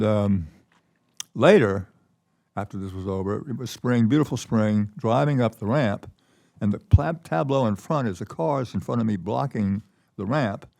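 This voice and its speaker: An older man with a gravelly, dark voice tells stories on a conference stage. He rambles and restarts often, and his sentences loop back on themselves. He talks at a low pitch in a relaxed, conversational way. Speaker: keynote guest. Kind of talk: conversational storytelling.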